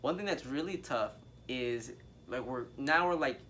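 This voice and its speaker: A man's voice: mid-range voice, a little slow, pushed and bright, a little hiss or hum. Candid man in casual discussion.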